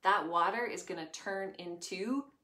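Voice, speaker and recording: A woman's voice: on the low side, unhurried, sharp tone, roomy sound. A woman voicing God in a children's story, giving patient, reassuring instructions. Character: calm, patient, commanding divine voice.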